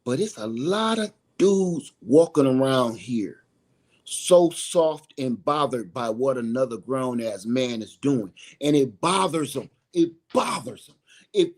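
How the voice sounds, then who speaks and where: A middle-aged man talking straight to camera from home in a rambling, emphatic way, repeating his points. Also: fairly high pitch. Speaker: video host. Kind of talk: casual opinion monologue.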